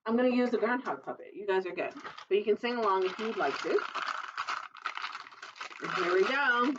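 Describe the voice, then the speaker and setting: A woman's voice: medium pitch, animated, normal speed, far from the mic, background noise. A children's librarian, a woman, reading a picture book aloud at storytime and chatting playfully with the kids. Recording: dull lo-fi recording.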